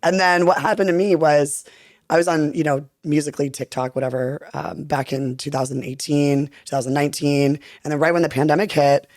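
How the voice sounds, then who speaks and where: A woman in her thirties, a podcast guest chatting casually and telling stories in a playful, animated way. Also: sits low, brisk, dry recording, clean studio sound. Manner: playful, animated storytelling with put-on voices. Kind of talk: casual chat.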